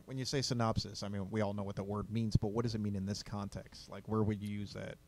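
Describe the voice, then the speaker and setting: A man's voice: on the low side, little pitch movement, fast, a little mellow. A man co-hosting a casual writing podcast, dry and level-headed, asking clarifying questions. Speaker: podcast co-host. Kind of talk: casual chat about writing.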